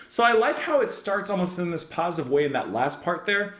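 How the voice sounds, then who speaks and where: Animated man gushing over a song. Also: sits high, a little fast, hardly any pauses, roomy sound. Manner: enthusiastic, rambling, full of "like" and restarts. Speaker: music reaction channel host. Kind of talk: casual spoken song review.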